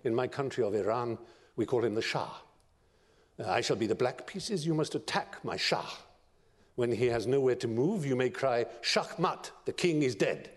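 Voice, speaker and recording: A man voicing an elderly, cunning Persian inventor with a Farsi accent, speaking in a calm, sly, measured way. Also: mid-range voice, close to an everyday voice. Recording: long reverb of a large lecture hall.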